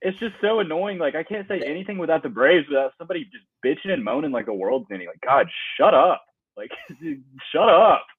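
An exasperated man on a sports podcast, swearing and laughing as his pitch swings around. His husky voice comes through a tinny, phone-like line that sounds dry and close. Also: expressive, fairly quick, no room sound. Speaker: podcast co-host. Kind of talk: casual sports talk.

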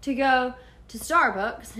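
A woman's voice: high voice, pushed and bright. Chatty woman with a cough. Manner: chatty, quick to laugh. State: lingering cough. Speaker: podcast co-host. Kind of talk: casual chat.

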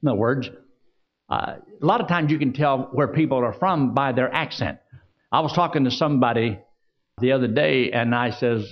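A man's voice: medium pitch, animated, normal speed, highs cut off. A man preaching a sermon, asking the congregation questions and reading scripture aloud. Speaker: pastor.

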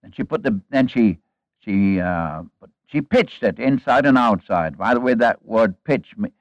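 A man's voice: fairly low pitch, expressive, a little slow, dry recording, dull audio. A man preaching a sermon, retelling a Bible story in an earnest, folksy way with rhetorical questions and asides to the congregation.

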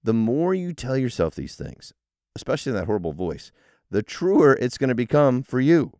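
A man hosting a solo motivational podcast, explaining ideas in an animated, coaching delivery. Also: mid-range voice, moderate pace, no room sound, clean studio sound. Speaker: podcast host.

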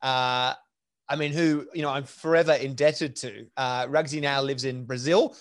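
A man's voice: medium pitch, fairly even intonation, normal speed. A man, a podcast guest, rambling through memories in a self-deprecating, chatty way. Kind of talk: casual podcast chat.

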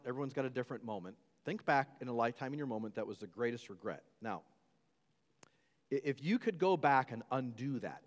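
A man preaching a sermon as pastor, emphatic and repetitive, often restarting his phrases. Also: medium pitch. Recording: long hall reverb.

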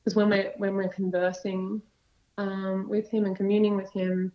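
A young adult woman, a podcast guest talking casually and earnestly about faith, rambling at times in quick bursts. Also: mid-range voice, level tone. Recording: dull lo-fi sound.

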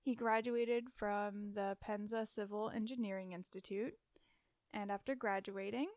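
A woman's voice: medium pitch, steady tone, unhurried, a little mellow, no echo. A woman co-hosting a podcast, telling a story in casual chat, giggling and stumbling over names. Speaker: podcast co-host.

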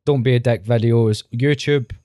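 A man's voice: medium pitch, steady tone, normal speed, warm tone, no room sound, studio quality. A man with a Glaswegian accent, a podcast guest telling stories bluntly and swearing freely in casual chat. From Scotland.

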